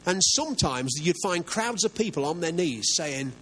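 Older male pastor, emphatic sermon delivery, animated pitch, slightly high voice. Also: moderate pace, slight background noise, poor audio. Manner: earnest, emphatic preaching with rhetorical questions.

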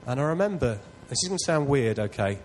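A man's voice: medium pitch, quick pace, slight background noise, poor audio. A man preaching a sermon, telling a personal story in an earnest, self-deprecating way. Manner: earnest, self-deprecating, builds to loud excitement.

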